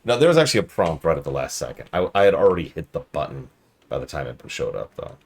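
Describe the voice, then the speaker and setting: A male streamer with a low, deep voice that swings widely in pitch. He talks casually over gameplay and jokes as he goes. Faint noise sits under the voice. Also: sing-song, fast talker. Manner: playful, joking asides.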